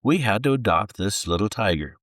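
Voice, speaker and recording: A man reading as a gentle adoptive mother. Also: on the low side, animated, no echo, studio quality. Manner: gentle, warm, slow when emphasising. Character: gentle adoptive mother sharing her faith.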